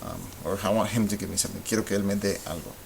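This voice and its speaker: A man teaching a recorded Spanish grammar lesson, explaining in a relaxed way with lots of ums and uhs. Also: lowish voice, rapid-fire, vocal fry, rough recording. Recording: faint hiss.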